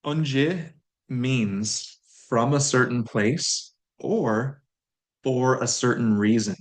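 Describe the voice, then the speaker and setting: In a recorded language lesson, a man explains grammar in an easygoing manner, saying words slowly and repeating them for learners. His voice sits at a medium pitch.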